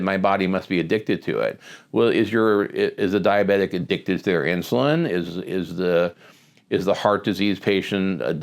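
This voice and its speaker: A man's voice: low voice, clear, resonant tone. A middle-aged man, a physician host, telling a patient story in a conversational way with many restarts. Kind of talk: casual talk to camera.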